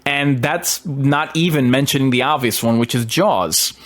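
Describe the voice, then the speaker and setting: A man's voice: mid-range voice, measured pace, fairly bright tone. A man, a horror host, talking through a film in an emphatic, argumentative monologue with hesitant restarts.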